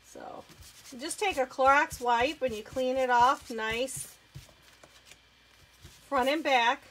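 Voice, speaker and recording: A woman with a bright, forceful and fairly high voice runs a live craft demo. She talks casually, explaining each step as she works, and keeps up a chatty running commentary. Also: takes it slowly. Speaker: craft demonstrator hosting a live stream.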